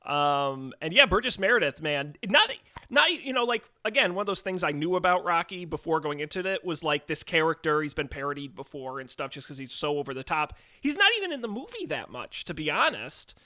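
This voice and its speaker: A man co-hosting a casual movie podcast, telling jokey stories in an animated way. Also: fairly high pitch, fairly quick, few pauses, no echo, clean studio sound. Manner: animated, joking storyteller. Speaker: podcast co-host.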